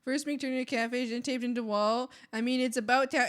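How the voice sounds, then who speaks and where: A woman's voice: fairly high pitch, fairly even intonation, fast talker, few pauses, clear, resonant tone. A woman streamer chatting casually with her viewers while she draws, giggling and playful, often rambling and restarting. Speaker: art streamer.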